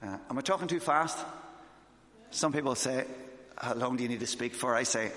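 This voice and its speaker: A man from Northern Ireland with a Northern Irish accent, giving a fast, excitable church talk as a missionary speaker. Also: mid-range voice. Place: church hall. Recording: echoey church hall.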